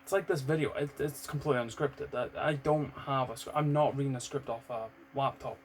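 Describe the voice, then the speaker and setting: A British man in an unscripted vlog, candid and rambling, swearing now and then. His voice sits at an ordinary middle pitch, with a faint hum of room noise behind him. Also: fairly even intonation, fairly quick. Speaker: vlogger. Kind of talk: unscripted personal vlog monologue.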